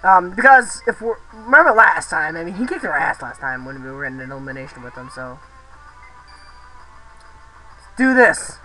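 Young male gameplay commentator, loose and excitable, cussing at the screen, bright voice. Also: a little high, normal speed, pauses often, soft background music, rough recording. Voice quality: rambling, excitable, swears, shouts at the game. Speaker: let's play host.

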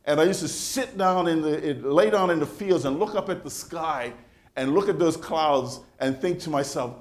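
A male pastor preaching a sermon in a conversational, animated storytelling manner, often restarting his phrases. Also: fairly high pitch, a little slow.

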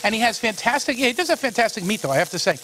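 A man's voice: sits high, lively intonation, racing, sharp tone, a little hiss or hum. A man hosting a cooking show, chatting folksily while he cooks. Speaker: cooking show host, a monsignor.

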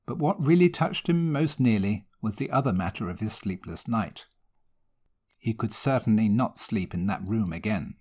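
A man reading a classic ghost story aloud, in a measured, expressive storytelling manner. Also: lowish voice, breathy edge. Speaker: narrator. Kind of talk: scripted narration of a ghost story.

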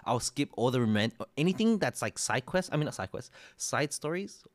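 Rambling livestream host, lively voice. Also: male voice, medium pitch, a little fast, no echo. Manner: rambling, self-interrupting, laughs often. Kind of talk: casual stream chat.

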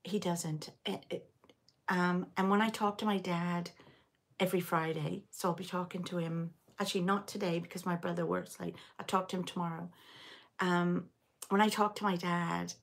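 This middle-aged English woman from around Liverpool hosts a knitting channel, and here she's at home running a laid-back live stitch-along chat, rambling and answering viewers as they come in. Her pitch is fairly low and creaky, her tone level, her pace moderate.

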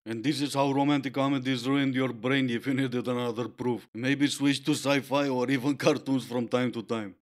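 A man's voice: medium pitch, steady tone, moderate pace, few pauses. A man hosting a reaction video, giving blunt, sarcastic commentary on clips.

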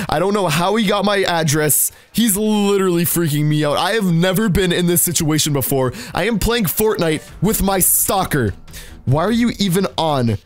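Teen guy with a high voice, nervous hyped gaming commentary, talks to viewers, faint music behind. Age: late teens. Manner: anxious, excitable, addresses viewers directly. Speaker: gaming YouTuber. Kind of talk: scripted gameplay commentary.

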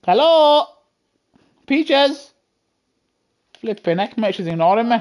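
High-voiced excitable man. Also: slow pace, long pauses. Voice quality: high-pitched voice. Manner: excitable, yelling at the race, laughing often; chatty banter with viewers. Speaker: gaming streamer. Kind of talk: live gameplay commentary.

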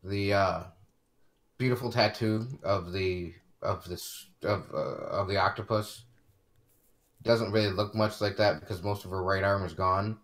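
A man describes a scene in a tabletop game, hesitating and repeating words as he goes. He speaks slowly in a slightly low voice. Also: steady tone, a bit bright.

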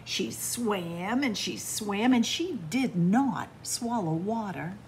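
A woman children's librarian reading a picture book aloud, in a slow, animated storytelling manner. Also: medium pitch, slight background noise.

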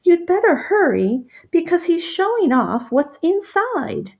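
A woman doing an excited shouting friend. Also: very high-pitched, measured pace, voice pushed up, full character voice. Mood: urgent. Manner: urgent, excited. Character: excited man shouting news from a bike cart. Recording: dull lo-fi recording.

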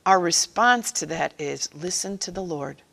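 A woman's voice: on the low side, lively intonation, measured pace, creaky, fairly bright tone. A woman giving a personal faith-sharing talk to catechists, earnest and conversational, acting out quotes as she goes. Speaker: speaker at a catechist training session.

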